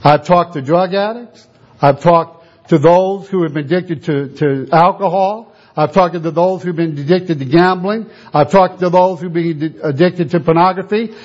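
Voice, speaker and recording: A man's voice: high voice, moderate pace. A man preaching a sermon, telling a story and acting out the voices of the people in it. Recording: dull lo-fi sound.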